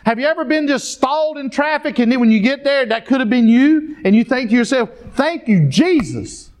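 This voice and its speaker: A man's voice: extremely high pitch, a little fast. A man preaching a sermon, telling stories and calling out to the congregation. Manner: storytelling, addresses the congregation directly.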